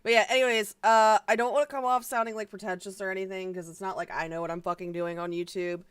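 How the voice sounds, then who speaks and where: A woman's voice: mid-range voice, fairly even intonation, fast talker, smooth. Woman streamer, casual live chat; rambly, filler-laden, swears freely, trips over her own restarts.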